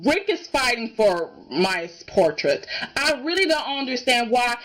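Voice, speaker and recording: A woman giving a casual, indignant reaction review of a soap opera, emphatic and keeps asking "okay?". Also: sits high.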